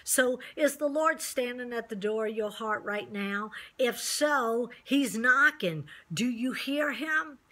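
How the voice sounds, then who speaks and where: A woman's voice: fairly high pitch, animated, takes it slowly, few pauses, pushed and bright. A woman preacher giving an earnest, encouraging devotional sermon straight to her listeners. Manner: earnest, encouraging, direct address.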